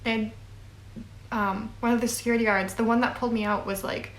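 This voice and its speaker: Young woman rambling thru a storytime vlog, kinda high voice, lots of um and like, echoey room. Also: steady tone, a little fast. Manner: rambling, lots of fillers and laughs. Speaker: vlogger.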